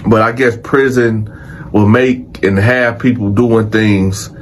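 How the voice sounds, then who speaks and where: A man casually telling a story in an animated, profane way and acting out other people's voices. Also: lowish voice, slow, slight background noise. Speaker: storyteller, show host.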